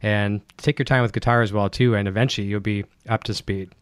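An upbeat man hosting a live online interview, rattling along at a brisk clip. His voice sits dry and close, with no room around it. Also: on the low side, fairly even intonation, smooth, no echo. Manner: upbeat, rapid, enthusiastic. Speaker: livestream host. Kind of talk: live-streamed interview chat.

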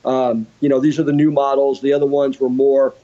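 In a home studio interview, a guitarist and inventor spins a lively story, voicing the other people's dialogue himself. He speaks briskly at medium pitch, and the recording is dull.

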